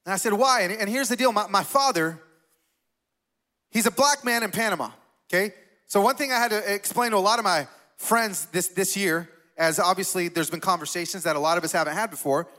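Bright-voiced, high-pitched male guest preacher. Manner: conversational, self-deprecating humor, animated retelling. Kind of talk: sermon. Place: church sanctuary.

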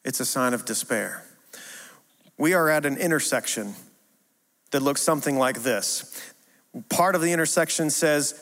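Pastor guy, kinda high voice, earnest sermon, goes soft then punchy, church echo. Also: normal speed, pauses often. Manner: earnest, repetitive preaching cadence, swings from hushed to emphatic. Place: church sanctuary. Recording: long hall reverb.

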